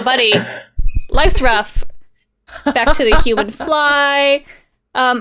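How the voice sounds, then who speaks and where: A woman's voice: a little high, a bit bright, clear, resonant tone. A young woman co-hosting a podcast, chatting casually and sarcastically while recapping a comic, laughing often. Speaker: podcast co-host.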